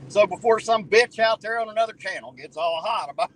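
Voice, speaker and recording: A man's voice: high voice, brisk, fairly bright tone, rough recording. A man from southern Ohio with a slight twang, chatting folksy and profane with viewers on a live stream while driving his car. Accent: Southern Ohio, close to Kentucky and West Virginia. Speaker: livestreaming auditor. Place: in a car at night.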